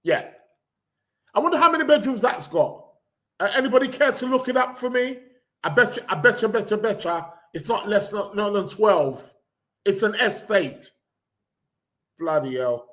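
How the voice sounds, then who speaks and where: A man's voice: high voice, sing-song, moderate pace, pauses often, a bit bright. A man hosting a podcast, reading out the news in a rambling, sarcastic way, with lots of fillers and restarts. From England. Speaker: podcast host. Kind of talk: casual live chat reading news.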